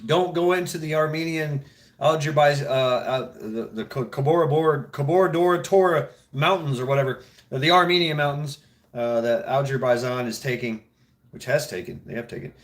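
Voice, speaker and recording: A man's voice: mid-range voice, normal speed. Man, casual talk, rambling, profane, chuckling, frequent restarts. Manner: mimics others in mock voices. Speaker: show host. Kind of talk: casual chat.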